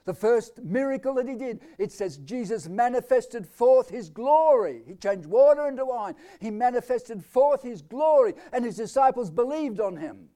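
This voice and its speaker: A man with an Australian accent preaching a live sermon, quizzing his congregation with questions and swinging between loud declarations and quiet asides. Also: very high-pitched, expressive, moderate pace, hardly any pauses.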